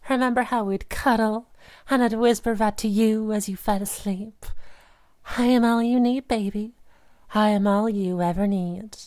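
An unstable, possessive young woman, played by an actress in an audio role-play, whose voice lurches from soft cooing to sharp anger in an instant. Her pitch sits in an ordinary middle range, and her quieter asides turn breathy and hushed. She talks straight at the listener as if they were pinned in front of her. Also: fairly even intonation, normal speed, natural voice. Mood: sweetly obsessive. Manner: swings between sweet cooing and sudden rage. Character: volatile, obsessive young woman who holds her partner captive.

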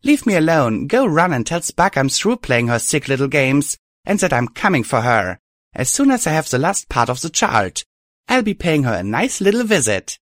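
A snarling, defiant pony heroine, as a man puts her on in a strained, much higher storybook voice. She snaps with anger and pushes loud, over a dry, close sound. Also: big pitch swings, normal speed, few pauses, no room sound. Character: furious young female alicorn pony heroine. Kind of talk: audiobook reading of fan fiction.

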